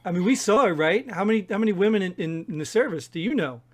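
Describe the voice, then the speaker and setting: A man co-hosting a casual discussion podcast, argumentative and talking in rapid bursts, often clearing his throat. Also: high voice, animated. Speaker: podcast co-host.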